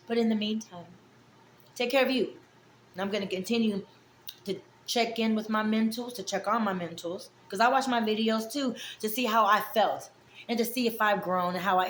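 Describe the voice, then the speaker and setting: A woman in her forties speaks openly and affectionately to her viewers, rambling from one thought to the next at a mid pitch. The recording sounds roomy and echoey, with a faint background hum. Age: 40s. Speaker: vlogger. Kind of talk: casual heartfelt vlog monologue.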